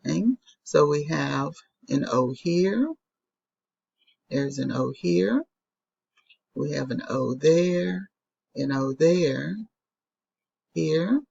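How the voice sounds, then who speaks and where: A woman's voice: deep voice, drawn-out words, gravelly, long pauses, mellow, slightly rough, muffled recording. A woman teaching a recorded phonics lesson to young children, patiently sounding out letters and repeating them. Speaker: elementary school teacher.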